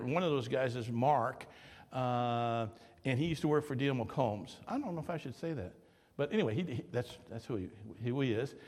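A man's voice: medium pitch, darkish tone, big-room sound. A male pastor preaching conversationally, asking the congregation questions and retelling stories in dialogue. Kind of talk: sermon.

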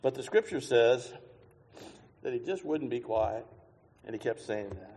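A man preaching a sermon, moving from quiet musing to loud, shouted passages, and singing a hymn line along the way. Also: mid-range voice, lively intonation, unhurried. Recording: long hall reverb.

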